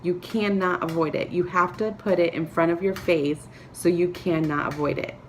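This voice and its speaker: A woman talking to camera, giving earnest, encouraging advice with soft laughs and filler words. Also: fairly low pitch, fairly even intonation, normal speed, a little hiss or hum. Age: adult, a parent. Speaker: vlogger. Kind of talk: motivational talk to camera.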